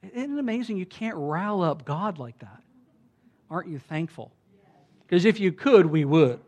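Pastor delivering a sermon, mid-pitched voice, chatty and animated, rising to loud emphasis then dropping to near-hush. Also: normal speed. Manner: animated preaching that swings between loud emphasis and hushed asides; conversational, with frequent restarts and filler like "like".

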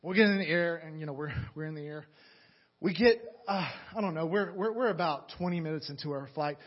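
A young man from Atlanta preaching a sermon, telling a story with animated, dramatic energy and many restarts. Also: fairly high pitch, a little fast, breathy edge. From Atlanta, USA. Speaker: pastor. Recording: dull lo-fi recording.

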